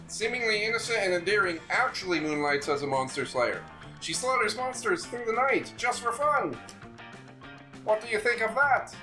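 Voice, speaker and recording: A gossipy camper who can't wait to spill the latest rumor, as a man puts him on. The voice sits raised and bright, eager and theatrical, over faint guitar music. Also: high voice, animated, moderate pace, voice pushed up. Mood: eager gossip. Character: chatty gossip-loving male camper. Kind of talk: playing a character in a tabletop game.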